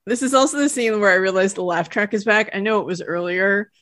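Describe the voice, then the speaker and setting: A woman's voice: medium pitch, fast, fairly bright tone, no room sound. Chatty woman podcast co-host, dry sound. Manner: chatty and giggly. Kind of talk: casual chat.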